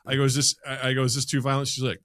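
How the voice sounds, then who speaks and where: A man's voice: medium pitch, monotone, racing, a bit bright, no echo. A man co-hosting a podcast, telling a personal story in casual chat and acting out bits of quoted dialogue. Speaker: podcast co-host.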